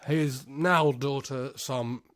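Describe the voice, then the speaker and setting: A man hosting a podcast, recapping a movie casually, swearing freely and gleefully, and slipping into quick impressions of the characters. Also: medium pitch, steady tone, a bit bright, no room sound, clean studio sound. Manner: profane and gleeful, swears constantly. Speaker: podcast host.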